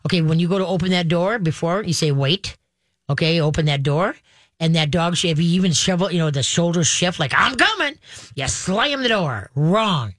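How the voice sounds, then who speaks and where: A woman veterinarian hosting a radio advice show, chatting loosely with plenty of "you know" and "okay". She jumps into quick little voices to act out excited owners. The sound is dry and close, with no room around it. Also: lowish voice, no room sound. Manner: animated, acts out dog owners in quick voices. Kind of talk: casual advice talk.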